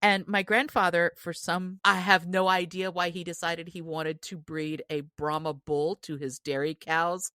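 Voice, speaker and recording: A woman co-hosting a podcast, telling a childhood story in an animated way, laughing often and shouting out quoted lines. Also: fairly low pitch, a little slow, hardly any pauses, no room sound. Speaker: podcast co-host.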